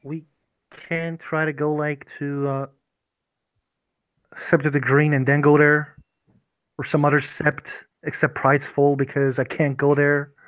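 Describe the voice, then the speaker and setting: A man's voice: a little high, little pitch movement, a little slow, long pauses, fairly bright tone, dry recording, low-quality recording. A man playing a tabletop game, talking in a rambling, hesitant way with many fillers. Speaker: player. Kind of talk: casual tabletop game chat.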